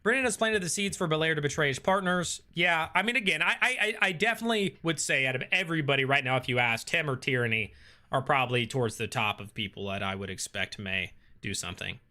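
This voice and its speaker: A man's voice: on the high side, fast talker, sharp tone. A man hosting a casual live stream, reading viewer comments aloud and thinking aloud with many ums and uhs. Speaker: host reading live chat.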